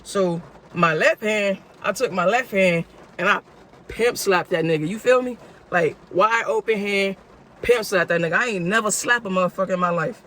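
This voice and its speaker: A man's voice: high voice, pushed and bright, slight background noise. A man telling a casual story-time tale for his vlog in a slangy way, full of "you know what I'm saying.". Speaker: vlogger.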